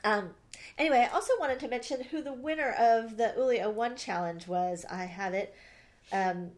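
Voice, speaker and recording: A woman's voice: fairly high pitch, moderate pace. A woman co-hosting a podcast, chatting casually and rambling with lots of ums and restarts. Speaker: podcast co-host. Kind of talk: casual chat.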